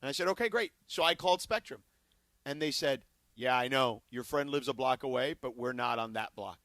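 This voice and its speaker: A man co-hosting a sports talk radio show, telling a story in an animated way and acting out both sides of the conversation. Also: mid-range voice, fairly quick, no room sound. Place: radio studio. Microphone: studio broadcast mic.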